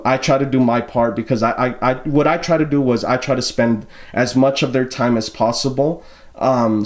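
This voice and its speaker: A young American man at a mid pitch talks casually to his viewers. He laughs often, sounds exasperated and rambles, with many fillers and repeated phrases. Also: darkish tone. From United States. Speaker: YouTuber. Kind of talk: casual vlog talk to camera.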